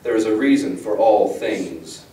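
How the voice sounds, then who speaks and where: A man doing a deep, booming dark god. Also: expressive, a little slow, recorded from a distance. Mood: solemn. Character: colossal male black god, calm and menacing. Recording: echoey room, voice from the mic.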